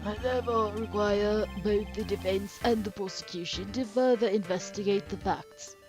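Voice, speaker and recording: A woman voicing a formal, pompous elderly male judge in a game, speaking in a measured way. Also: mid-range voice, steady tone, darkish tone, soft background music, close to an everyday voice. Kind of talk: let's play character voice.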